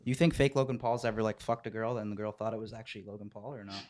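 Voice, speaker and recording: A man's voice: on the low side, flat delivery, fast talker, darkish tone. A man hosting a podcast, asking blunt questions in casual, profane chat. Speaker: podcast host.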